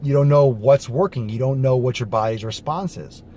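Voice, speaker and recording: A man in a moving car talks straight to the camera, blunt and a little profane. His voice sits at an ordinary middle pitch, and he moves between low mutters and lively, emphatic bursts. A faint hum of car noise runs underneath. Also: normal speed. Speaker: fitness vlogger. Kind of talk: casual monologue while driving. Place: inside a car.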